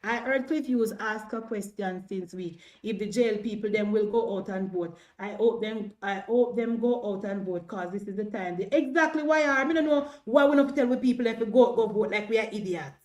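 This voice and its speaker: A woman's voice: mid-range voice, moderate pace, few pauses, a little mellow, dull audio. A woman speaking in Jamaican Patois, hosting a casual political livestream, defiant and repetitive as she addresses her viewers.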